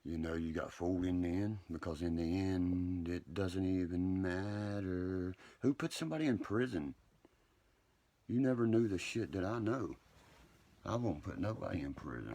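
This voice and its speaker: Man, rough and low, who rants and then apologizes on a live stream. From West Virginia. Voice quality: deep gravelly voice. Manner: profane, agitated, swings between ranting and quiet apology. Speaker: social media live streamer. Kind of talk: rambling live-stream chat.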